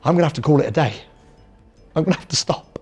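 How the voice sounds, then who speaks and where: A man doing a quiet, apologetic bloke. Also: a little high, expressive, fast talker, slightly rough, soft background music. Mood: pained polite. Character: mild-mannered British man, polite and pained.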